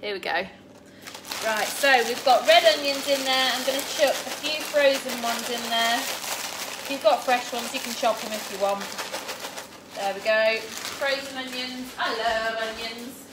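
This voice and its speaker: In an unhurried, fairly high-pitched voice, a middle-aged woman hosts an easygoing cooking stream from her kitchen at home. She chats with viewers, greets them by name, and makes jokes about herself, with a children's game faintly audible behind her.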